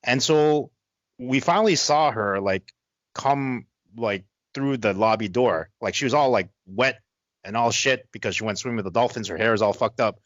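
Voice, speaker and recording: A man co-hosting a podcast, telling a story in casual chat and jumping up in pitch when he quotes people. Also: moderate pace, no echo, muffled recording. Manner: animated, swings into high-pitched quoting. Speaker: podcast co-host.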